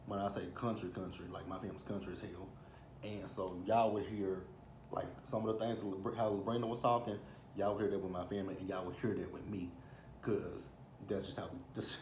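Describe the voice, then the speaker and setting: A chatty Texan man in his thirties recaps a reality show in an easygoing, animated way and slips into little voices for quotes. His voice sits on the lower side. The room is echoey, with a soft ambient hiss behind him. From Texas. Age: 30s. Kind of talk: casual recap commentary. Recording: roomy echo, faint ambience.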